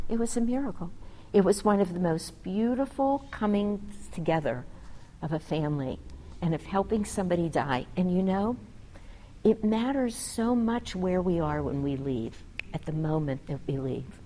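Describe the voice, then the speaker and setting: A woman's voice: fairly low pitch, mellow, a little hiss or hum, low-quality recording. A woman physician earnestly telling a story about a patient, reflective and acting out the conversation between them. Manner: earnest, reflective, acts out dialogue.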